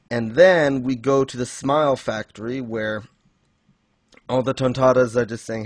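A man's voice: medium pitch, steady tone, normal speed, dry recording. A man hosting a casual recap chat, laughing often and acting out quotes. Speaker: podcast host.

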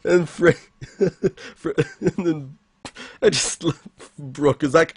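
A man's voice: on the high side, steady tone, measured pace, a little mellow, breathy edge, no echo. A man chatting casually, recapping an anime episode, laughing often and acting out the characters' lines. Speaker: anime podcast co-host.

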